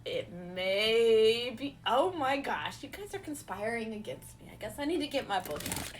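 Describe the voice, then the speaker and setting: A woman live streamer chatting casually with her viewers while beading, excitable and laughing often. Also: a little high, normal speed, a little hiss or hum. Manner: giggly, excitable, frequently laughing.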